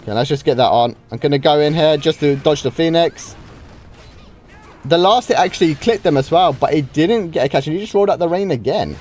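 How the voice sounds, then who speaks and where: Commenting on his own live duels, a British gaming streamer sounds a little high, animated and a touch mellow, moving at a brisk clip. His talk is casual and reactive, full of wows and sentence restarts, with faint game music underneath.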